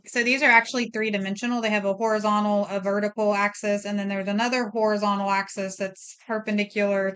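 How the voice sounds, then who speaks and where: Smooth-voiced woman teaching a math lesson. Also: mid-range voice, a bit bright. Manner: plain explanatory, thinks aloud through steps.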